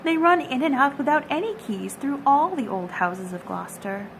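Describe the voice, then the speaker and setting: A woman reading a children's storybook aloud in a gentle, expressive storytelling manner. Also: high voice, moderate pace, a little hiss or hum, rough recording.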